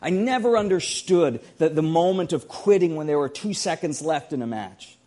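A man's voice: on the high side, lively intonation, normal speed, mellow. A pastor giving a sermon, earnest and emphatic, often repeating his key phrases.

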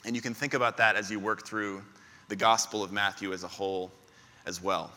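Pastor guy giving a sermon, punchy repeated lists, super bright tone in a big echoey church. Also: on the low side, steady tone, brisk. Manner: emphatic, repeats key phrases in lists.

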